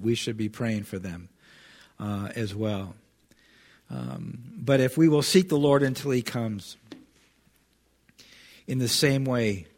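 A man preaching a sermon, reading scripture with rising force and speaking earnestly with many restarts. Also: mid-range voice. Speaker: pastor.

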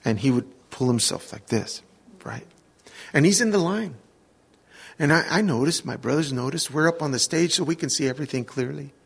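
A middle-aged man preaching, telling an animated personal story in a sermon and acting out the voices of the people in it. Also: fairly high pitch, moderate pace, vocal fry, slightly rough. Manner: animated anecdotes with quoted voices and laughter.

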